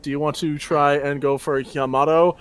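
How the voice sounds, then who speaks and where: A man's voice: fairly high pitch, normal speed, clean tone. A man running a tabletop role-playing game as dungeon master, narrating the action and laughing as he describes it. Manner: animated, laughs while describing.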